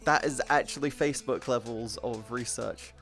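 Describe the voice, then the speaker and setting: A man's voice: medium pitch, moderate pace, faint music behind. A man streaming and chatting casually, swearing often and telling stories with energy. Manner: swears a lot, animated storytelling. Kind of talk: casual chat.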